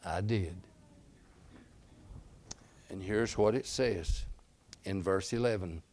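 A man preaching a sermon, moving between quiet storytelling and loud, emphatic bursts. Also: low-pitched, slow. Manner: emphatic, swings from soft storytelling to loud exclamations.

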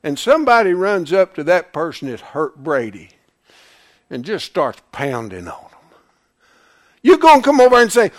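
High, lively preacher man. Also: moderate pace, long pauses. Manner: emphatic, asks the congregation questions. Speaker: pastor. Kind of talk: sermon.

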